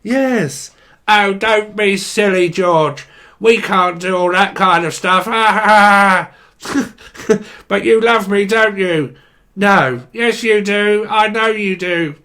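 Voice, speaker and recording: Man putting on a children's TV host, high voice, sing-song, scolding, silly. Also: takes it slowly, bright, forceful tone, heavily acted. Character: prim, fussy male children's TV presenter.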